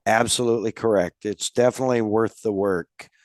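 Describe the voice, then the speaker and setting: A man hosting a casual podcast chat, with a slightly nasal voice and a relaxed, rambling way of talking full of fillers. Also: lowish voice, brisk, no room sound, studio quality. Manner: laid-back, rambling with many fillers. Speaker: podcast host.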